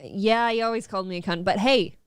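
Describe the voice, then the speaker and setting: A woman's voice: mid-range voice, fairly quick, clean tone, no echo, clean studio sound. A woman co-hosting a chat show, teasing her partner and laughing often. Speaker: co-host. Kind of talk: casual chat.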